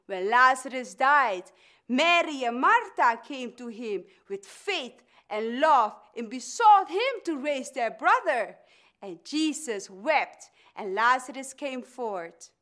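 An actress playing a middle-aged woman orator who is demanding women's rights, delivering the speech as a slow, emphatic dramatic reading. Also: high voice, lively intonation, bright, forceful tone, exaggerated voice. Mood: defiant.

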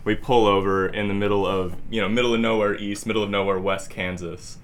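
A man's voice: lowish voice, level tone, brisk, a little hiss or hum. A man co-hosting a podcast, telling a long story casually with lots of "like" fillers. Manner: rambling, heavy use of "like". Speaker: podcast co-host.

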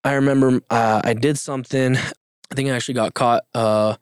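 A man's voice: mid-range voice, steady tone, normal speed, clean tone, no room sound, studio quality. A young man speaking as a podcast guest, telling personal stories earnestly in a casual conversation. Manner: earnest storytelling, laughs between lines. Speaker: interview guest.

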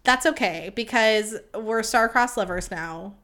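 A woman's voice: a little high, fairly bright tone. Chatty young woman host spilling a story. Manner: chatty, candid and self-mocking, with quick asides. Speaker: podcast host. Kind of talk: casual storytelling.

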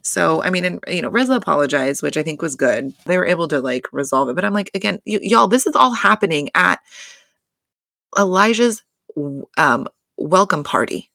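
A woman's voice: fairly low pitch, lively intonation, normal speed, creaky, pushed and bright, dry recording, studio quality. A woman recapping a reality show in a chatty, filler-heavy way, with exclamations and swearing. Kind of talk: casual recap chat.

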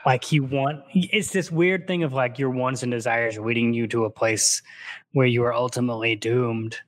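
Male co-host, casual book chat, animated retelling with read-aloud bits, mid pitch. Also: moderate pace, no room sound. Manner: animated retelling, slips into character quotes.

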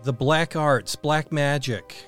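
A man's voice: fairly high pitch, slow pace, a bit bright, soft background music. A man hosting a podcast in casual chat, rambling enthusiastically with frequent fillers and the odd swear word. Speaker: podcast host.

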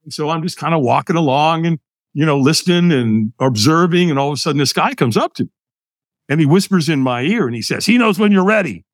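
Older man telling a lively story. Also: fairly high pitch, a little fast, no room sound, studio quality. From United States. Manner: lively, acts out other people's lines. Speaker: podcast guest. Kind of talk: animated personal storytelling.

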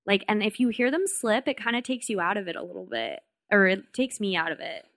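A woman's voice: mid-range voice, animated, fairly quick, fairly bright tone, dry recording, studio quality. A woman comedian guesting on a podcast, chatting casually and reacting a lot. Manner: chatty, reactive, lots of fillers. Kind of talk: casual chat.

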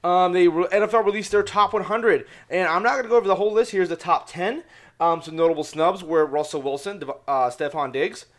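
A young man with a fairly high voice hosts his sports podcast in a loose, rambling way. He gets loud and excitable and swears all the time. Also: a little fast. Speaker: podcast host. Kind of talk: casual sports podcast chat.

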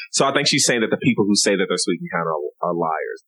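A man with a very deep voice co-hosts a casual podcast. He speaks in a calm, measured way and mostly agrees. The sound is dry and close. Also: dry recording, rough recording. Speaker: podcast co-host.

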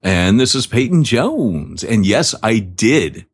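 Low husky guy bantering on a podcast, super animated pitch, goofs around. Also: slow. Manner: joking, animated, does silly voices. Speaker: podcast co-host.

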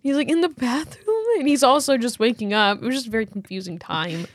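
A young woman in her twenties co-hosts a podcast in relaxed, casual chat. Her voice sits fairly high, and she tells stories with animated energy and frequent laughter. The recording is close and dry, with no room sound. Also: fast talker, no echo. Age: 20s. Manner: animated storytelling, laughs often. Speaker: podcast co-host.

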